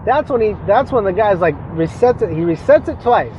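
A young man with a high voice rants through a casual vlog story, animated and exasperated, swearing freely. The sound is dull and lo-fi, with faint outdoor traffic behind him. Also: brisk. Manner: animated, profane, exasperated ranting.

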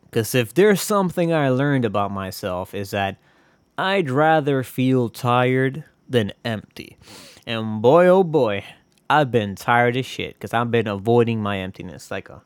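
A man's voice: medium pitch, animated, moderate pace, no room sound. Rambling, swearing male podcaster. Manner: rambling, swears a lot, jokey asides. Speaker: podcast host. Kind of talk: casual solo podcast monologue.

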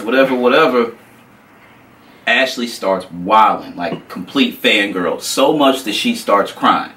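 Profane animated male storyteller. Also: mid-range voice, far from the mic, poor audio. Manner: animated, profane, acts out quotes. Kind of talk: casual storytelling.

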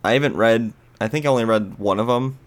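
A man's voice: medium pitch, quick pace. A man co-hosting a podcast, chatting in an easygoing way, hedging with "I mean" and "like". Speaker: podcast co-host. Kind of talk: casual chat.

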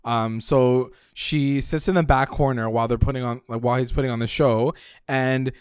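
Man, casual recap chat, animated, swears a lot, mid pitch, dry close sound. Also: normal speed, clear, resonant tone, no echo. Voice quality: animated, swears freely, acts out lines when retelling. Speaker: podcast co-host recapping a show.

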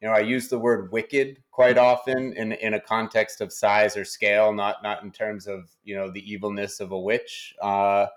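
A man with a New Hampshire accent, a company CEO speaking as a guest in an interview, halting and often repeating words. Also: fairly low pitch, level tone. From New Hampshire, United States.

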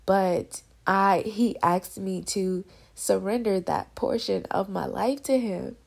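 Speaking slowly with vocal fry and a darkish, steady medium-pitched tone, this twenties-aged woman recounts her faith in a relaxed devotional talk. She addresses listeners as "y'all" and sounds emotional, nearly crying at points.

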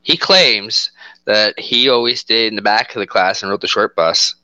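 A man's voice: fairly low pitch, moderate pace, sharp tone, clear, resonant tone, no echo, dull audio. A man co-hosting a podcast in casual chat, making dry teasing remarks. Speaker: podcast co-host.

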